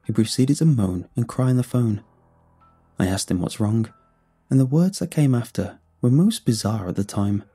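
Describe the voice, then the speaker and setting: A man narrating a first-person horror story in a measured storytelling manner. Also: mid-range voice, animated, mellow, breathy edge. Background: faint music.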